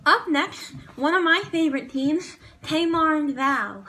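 A woman's voice: high voice, unhurried, a crowd in the background, poor audio. A woman chatting casually in a vlog review of a TV show, gushing and rambling with lots of fillers. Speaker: vlogger reviewing a TV dance show.

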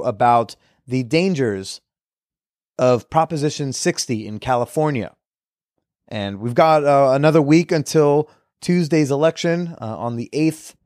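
Excitable young man hosting a podcast. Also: mid-range voice, no echo, clean studio sound. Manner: excitable, swears freely, frequent restarts. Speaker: podcast host. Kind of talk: casual chat.

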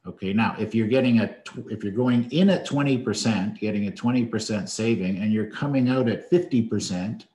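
Man, low voice, plain-spoken tax explainer, echoey room. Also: a little fast, few pauses, darkish tone. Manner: plain-spoken, checks understanding with repeated "okay". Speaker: accountant co-host. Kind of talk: explaining tax in a live webinar.

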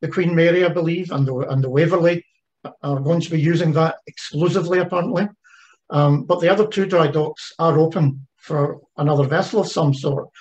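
A man's voice: a little high, steady tone, brisk, a little mellow. Man giving an online talk, lo-fi sound. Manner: conversational, many fillers and restarts. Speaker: presenter of a heritage ship project. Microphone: video call.

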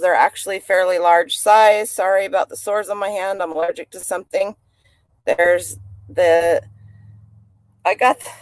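A woman's voice: medium pitch, no room sound. A woman vlogging casually as a reseller, chatty and rambling as she shows her finds. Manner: chatty, rambling, talks to people and dog nearby. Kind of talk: casual chat.

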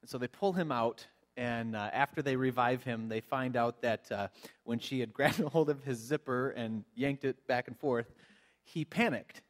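A man's voice: medium pitch, normal speed. A man preaching a sermon as pastor, telling a story in a conversational way with frequent restarts. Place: church sanctuary.

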